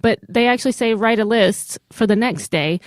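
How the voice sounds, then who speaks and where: A woman's voice: on the high side, normal speed, dry recording, studio quality. A woman co-hosting a comedy podcast, teasing and giggly in casual chat.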